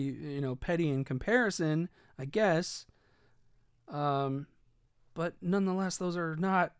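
A man's voice: a little high, clear, resonant tone, dry recording, clean studio sound. A man giving casual video commentary, rambling and swearing, with many fillers and restarts.

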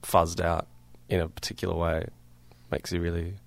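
An Australian musician from Perth talking loosely in a radio studio interview, with lots of fillers and easy laughter. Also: male voice, sits low, completely flat delivery, moderate pace, gravelly. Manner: laid-back, rambling, many fillers and laughs. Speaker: guest musician.

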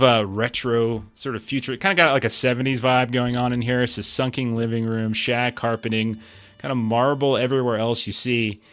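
A man's voice: mid-range voice, a bit bright. A man narrating a tabletop game as game master, in a loose, rambling way with many fillers.

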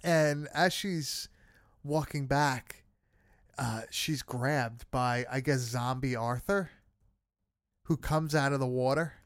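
Man, casual film recap, loose and sweary, smooth clear voice, dry close sound. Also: medium pitch, takes it slowly, dry recording. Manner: loose, swearing, many fillers.

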